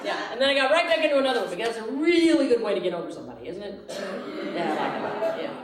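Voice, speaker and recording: A woman doing stand-up in a theatre, her fairly high voice swinging widely in pitch as she acts out other people. She sounds somewhat distant and roomy, with a lively audience clearly heard behind her. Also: quick pace, a crowd in the background. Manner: animated, acting out quoted voices, laughing through lines. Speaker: stand-up comedian. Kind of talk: stand-up comedy set. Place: theatre stage before a live audience. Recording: roomy live theatre recording, mic at a distance, audience noise. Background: audience laughter.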